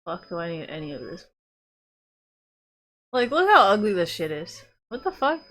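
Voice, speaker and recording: Lively, profane young woman ranting. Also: lowish voice, moderate pace. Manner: profane, exasperated ranting with repeated fillers. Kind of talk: casual chat while browsing online.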